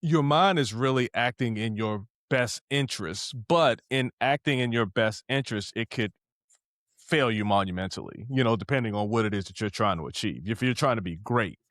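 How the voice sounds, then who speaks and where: A man's voice: medium pitch, normal speed, fairly bright tone, dry recording, studio quality. A man hosting a conversational podcast interview, talking casually with many fillers and asking probing follow-up questions. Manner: casual, leans on "you know", asks probing questions. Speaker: podcast host.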